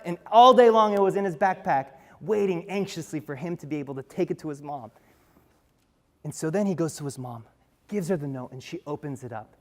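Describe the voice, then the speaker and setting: A man's voice: on the high side, expressive, fairly quick, darkish tone, long reverb tail. Earnest man telling stories from a stage. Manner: earnest, talks to the audience with rhetorical questions. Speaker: speaker giving a talk. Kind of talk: storytelling talk. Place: stage before an audience.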